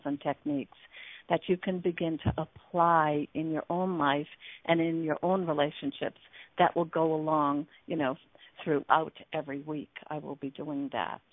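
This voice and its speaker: A woman with a low voice hosts an internet radio talk show as a relationship coach. She speaks earnestly but fills her speech with fillers and restarts, heard through a tinny, dry phone line with no echo.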